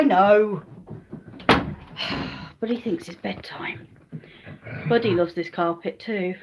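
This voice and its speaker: A livestreaming vlogger chats from her phone in the living room of a rented house, getting sidetracked while addressing viewers and calling her dogs. Her mid-range voice is slow, with long pauses, over background noise. The phone starts in her hand and ends up on a stand.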